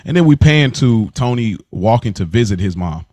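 A man's voice: lowish voice, expressive, darkish tone, no echo. A man co-hosting a podcast, chatting casually and laughing often as he reviews a TV episode. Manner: laid-back, slangy, laughs often, quick restarts. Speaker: podcast co-host.

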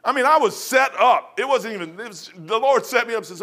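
Preacher, male, high and bright, animated testimony with loud bursts and stammers. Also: brisk. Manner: animated storytelling with sudden loud outbursts. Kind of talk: testimony sermon.

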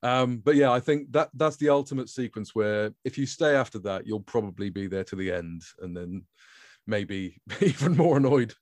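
Male podcast host, casual film chat, mid-pitched voice, dry and close to the mic. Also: moderate pace, a little mellow, no echo. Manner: chatty, with frequent restarts. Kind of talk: casual film discussion, reading aloud from a novel.

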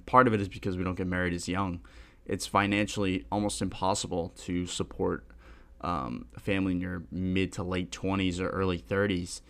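This young adult podcast host has a deep, creaky voice with a slightly bright edge. He rambles casually, pokes fun at himself, and laughs often.

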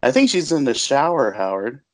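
A man's voice: mid-range voice, very animated, normal speed, pitched above the performer's own voice, close to an everyday voice. A man voicing an overly cheerful, cookie-obsessed male house guest who gushes in a sing-song, oblivious way. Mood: gushing.

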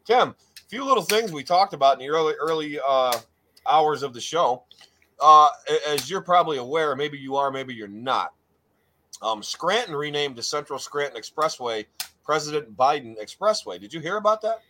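A man's voice: fairly high pitch, animated, moderate pace, pushed and bright, slight background noise, low-quality recording. A man hosting a casual talk show, hamming up grand introductions and repeating his words. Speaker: podcast host. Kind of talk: casual chat.

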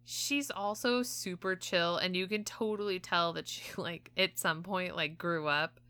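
A woman's voice: fairly low pitch, steady tone, measured pace, pushed and bright, clean tone. A young woman co-hosting a podcast, chatting in a gushing, filler-heavy way. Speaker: podcast co-host. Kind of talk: casual chat.

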